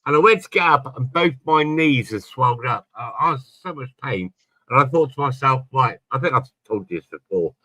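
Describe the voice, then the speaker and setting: A man's voice: mid-range voice, expressive, fairly quick, bright, forceful tone, no room sound. A middle-aged man on a late-night chat stream, telling rambling personal stories and swearing casually. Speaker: podcast panelist.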